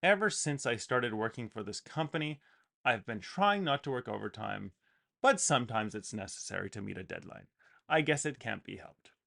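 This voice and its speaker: A male English teacher with a lively, up-and-down delivery who reads example sentences aloud with clear emphasis. His voice carries a gravelly edge. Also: mid-range voice, moderate pace. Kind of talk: lively explanatory lesson.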